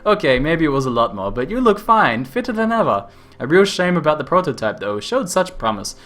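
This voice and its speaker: Voicing a reckless, eccentric male scientist-inventor, this man uses an exaggerated stereotypical Australian accent and cackles as he reads quest text from a game. His voice is on the high side, pushed up, a bit bright, and sing-song, delivered a little fast with excited fussing.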